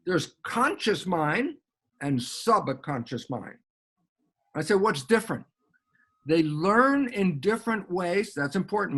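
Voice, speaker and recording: A man's voice: sits high, slightly rough. An American man, a guest biologist, explaining ideas in an interview and acting out little back-and-forth dialogues as he goes. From United States. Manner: animated, acts out little dialogues.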